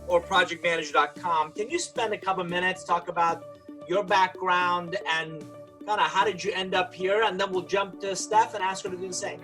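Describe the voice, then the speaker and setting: A man's voice: high-pitched, fairly even intonation, normal speed, bright, forceful tone, faint music behind. A man hosting an interview, welcoming guests in a chatty way. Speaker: host.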